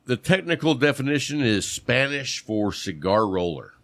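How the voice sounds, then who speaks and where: A man's voice: medium pitch, big pitch swings, moderate pace, no echo. A man co-hosting a casual podcast chat, quizzing his partner on terms and calling out right answers with playful exclamations. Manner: playful quizmaster, shouts "bam" on right answers.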